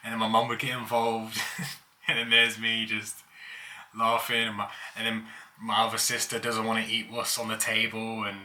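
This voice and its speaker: A man's voice: lowish voice, monotone, moderate pace, bright, forceful tone. A young man casually telling childhood stories, laughing as he goes. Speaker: vlogger. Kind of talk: casual storytelling.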